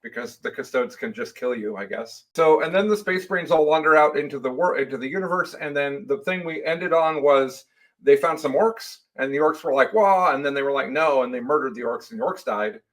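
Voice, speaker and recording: A man co-hosting a casual podcast, recapping lore playfully and sarcastically, often slipping into quick mock voices for the people he quotes. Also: medium pitch, rough recording. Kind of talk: casual chat.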